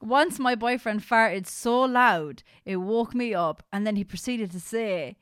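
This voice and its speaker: A woman's voice: a little high, a little slow, smooth, dry recording, studio quality. A woman co-hosting a casual podcast, giggling as she reads funny listener stories aloud. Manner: giggly, animated storyteller. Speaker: podcast co-host.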